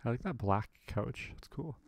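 A man's voice: medium pitch, lively intonation, moderate pace, creaky, a little hiss or hum. A man casually commenting on his own farming game playthrough, chatty and rambling with lots of fillers. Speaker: gaming video creator. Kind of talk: relaxed let's play commentary.

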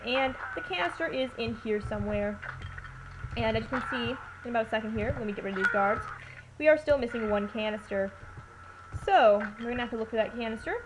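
A woman talks through a video game in a loose, chatty way, tossing out playful jokes as she goes. Her voice sits a little high. A steady hiss of background noise runs under the recording. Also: a little fast. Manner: playful, chatty, joking asides. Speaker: let's play commentator. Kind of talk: casual gameplay commentary. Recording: noisy home recording with hiss.

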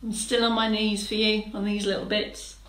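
A woman's voice: medium pitch, level tone, normal speed, fairly bright tone, roomy sound, slight background noise, low-quality recording. A woman fitness instructor leading a live-streamed exercise class, chatting, greeting viewers by name and giving encouraging instructions. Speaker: fitness instructor for older adults.

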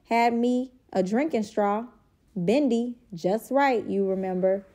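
A woman's voice: on the high side, slow pace, warm tone. Woman doing a folksy old grandpa. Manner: folksy, quaint phrasing. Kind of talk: picture-book read-aloud.

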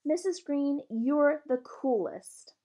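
A woman's voice: high-pitched, slow, voice pushed up. A woman voicing an agitated teenage boy. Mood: excited. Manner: blurts loudly, agitated then eager. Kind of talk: reading a novel aloud.

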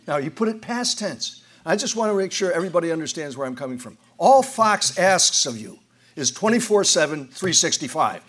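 A man's voice: on the high side, very animated, moderate pace, fairly bright tone, breathy edge. A man in his sixties or older from the United States, telling humorous stories to an audience in a wry, self-deprecating way, often restarting his sentences. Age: 60s or older. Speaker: speaker at a roundtable. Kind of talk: humorous storytelling speech. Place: event hall before an audience.

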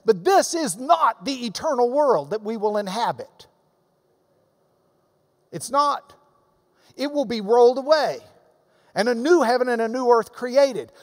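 A man's voice: very high voice, unhurried, long pauses, big-room sound. Emphatic man teaching a Bible class. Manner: emphatic, animated, swings between loud and soft. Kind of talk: lecture answering questions.

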